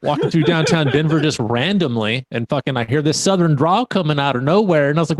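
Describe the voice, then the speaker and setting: Dude rattling off stoner stories quick, dry close sound, swears a lot. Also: male voice, fairly high pitch, dry recording. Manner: fast, animated, profane anecdotes. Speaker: show regular, cannabis vendor. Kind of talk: casual storytelling on a live stream.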